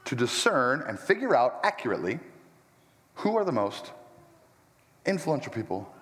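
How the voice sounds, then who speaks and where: A man preaching a sermon as pastor, animated and emphatic, with joking asides, walking around as he speaks. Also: medium pitch, normal speed. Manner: walks around while preaching. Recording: long church-hall reverb.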